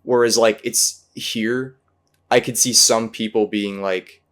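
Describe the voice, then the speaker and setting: A man's voice: lowish voice, steady tone, slow, fairly bright tone. A man hosting a casual movie discussion, rambling and hesitant, full of fillers and restarts. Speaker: podcast host.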